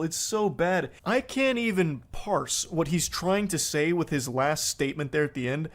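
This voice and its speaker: A man's voice: sits high, expressive, measured pace, few pauses. Sarcastic man doing a stream commentary. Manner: sarcastic and incredulous, swears freely. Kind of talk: live-stream commentary reading text messages aloud.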